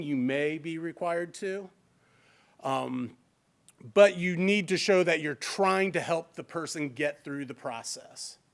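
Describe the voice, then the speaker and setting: A man with a Midwestern American accent leads a fair housing training session in a library meeting room. His voice sits a little high, and he keeps it conversational, slipping into quoted lines as examples. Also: fairly bright tone. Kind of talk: live training presentation.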